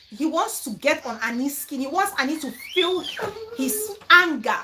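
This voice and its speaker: A woman hosting a casual, animated reaction chat about a reality show, acting out other people's words. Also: high voice, poor audio. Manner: animated, dramatic, quotes others in mock voices.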